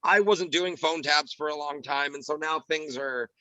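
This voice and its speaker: A man's voice: on the high side, pushed and bright, dry recording, dull audio. A man guesting on a podcast, chatting casually and a little giggly, with lots of fillers. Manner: giggly, talks fast with many fillers. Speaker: podcast guest, radio show comedian.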